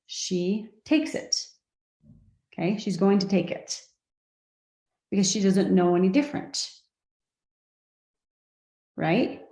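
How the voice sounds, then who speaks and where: A woman's voice: fairly low pitch, darkish tone. A woman leading a live coaching class, talking conversationally and often checking in with her listeners. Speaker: life coach. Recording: echoey room.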